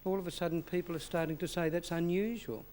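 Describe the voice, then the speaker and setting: An Australian man appearing as a guest on a talk show, telling relaxed stories. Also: fairly high pitch, quick pace, a little hiss or hum. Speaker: chef and guest.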